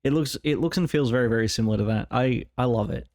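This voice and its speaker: An Australian man in his own gaming commentary, bubbling with enthusiasm and tumbling from one thought to the next. His voice sits at an ordinary middle pitch, recorded close and dry with almost no room sound. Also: fast talker, darkish tone, no room sound. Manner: enthusiastic, rambling, fond of "like". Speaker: gaming video host. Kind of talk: excited trailer breakdown commentary.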